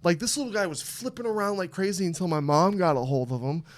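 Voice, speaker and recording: A young man hosting a podcast, telling a story in a lively, animated way, swearing often and acting out what people said. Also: sits high, fast. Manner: animated, swearing, acts out quotes. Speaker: podcast host. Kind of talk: casual storytelling chat.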